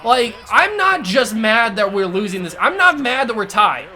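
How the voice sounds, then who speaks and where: A man hosting a gaming channel, ranting furiously through live gameplay commentary, swinging from shouts to low mutters. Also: big pitch swings, normal speed, soft background music.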